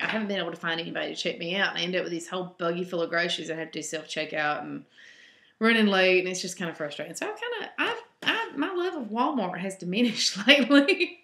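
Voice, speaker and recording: A woman's voice: mid-range voice, fairly bright tone. A woman with a Southern US accent, a home cook chatting loosely through reader questions, full of ums and side trips. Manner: chatty and rambling, with many ums. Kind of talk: casual question-and-answer vlog. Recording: roomy echo.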